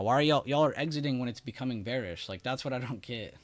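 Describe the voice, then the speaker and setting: This trading livestream host talks at a quick pace in a medium pitch, and the recording is dry. He keeps things casual, riffing on the markets, laughing a lot and answering the chat directly.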